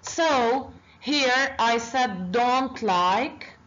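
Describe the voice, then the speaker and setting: Woman teaching slowly with many uhs. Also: on the high side, expressive, a bit bright, highs cut off. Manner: slow and deliberate, with many drawn-out uhs. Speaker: Arabic teacher. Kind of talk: online language lesson.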